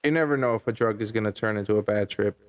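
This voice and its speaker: Jokey man with deadpan asides. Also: fairly low pitch, quick pace, smooth. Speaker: stream co-host. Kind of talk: casual reaction-stream chat.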